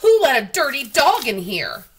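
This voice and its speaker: A woman doing a shouting storybook store manager. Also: sits low, brisk, a little hiss or hum. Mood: yelling. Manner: shouting, then pleading and tearful. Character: frazzled middle-aged male store manager.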